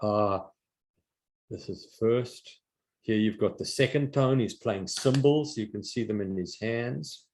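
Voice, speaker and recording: An older man giving an informal art history slide lecture, halting with many fillers and restarts. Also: fairly low pitch, a little mellow.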